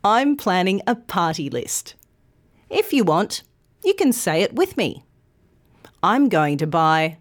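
A woman, reading a scripted English pronunciation lesson slowly and clearly into a studio microphone. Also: lowish voice, big pitch swings. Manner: slow, clear, carefully enunciated teaching. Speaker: English teacher.

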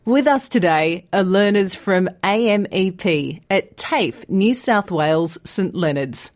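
A woman teaching English pronunciation in a scripted lesson, enunciating each word slowly and clearly. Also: medium pitch, lively intonation. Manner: slow, clear, deliberate enunciation.

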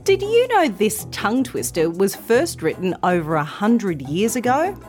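A woman hosting a podcast, giving a clear, carefully articulated English pronunciation lesson. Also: medium pitch, big pitch swings, unhurried, music in the background. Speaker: language podcast host.

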